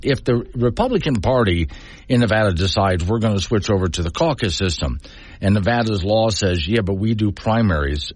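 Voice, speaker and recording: A man's voice: low-pitched, darkish tone, slightly rough, no echo. A middle-aged man hosting a call-in talk radio show, talking in an emphatic, conversational way with rambling asides. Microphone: studio microphone.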